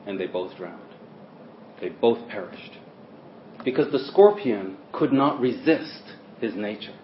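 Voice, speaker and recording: A male preacher delivers a sermon with a lively, rising and falling pitch, punching key words and then dropping to near-murmurs. He sits at a middle pitch for a man. The recording is roomy and echoey, a little dull and lo-fi, with a faint hiss underneath. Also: slow pace. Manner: emphatic, swings between loud stresses and quiet asides.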